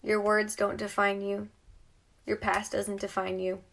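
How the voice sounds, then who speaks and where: A woman's voice: mid-range voice, completely flat delivery, measured pace, creaky, a bit bright. A woman talking heartfelt and encouraging on a live stream from home, sometimes dropping to a near-whisper. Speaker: beauty vlogger. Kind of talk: emotional live-stream monologue.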